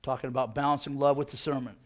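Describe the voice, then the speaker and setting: A middle-aged man giving a casual, energetic sermon, peppering his talk with "man" and asking "you know what?". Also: medium pitch, fast. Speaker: preacher.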